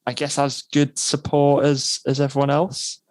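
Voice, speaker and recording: A man co-hosting a racing podcast, speaking in a measured, thoughtful way during casual chat. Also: fairly high pitch, monotone, darkish tone, no echo. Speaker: podcast co-host.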